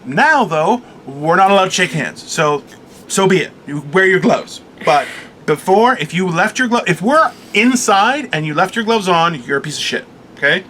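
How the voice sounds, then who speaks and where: A man co-hosting a podcast, a comic telling stories in a profane, animated rant. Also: high voice, normal speed, a little hiss or hum. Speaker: podcast co-host, stand-up comic. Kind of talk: casual chat.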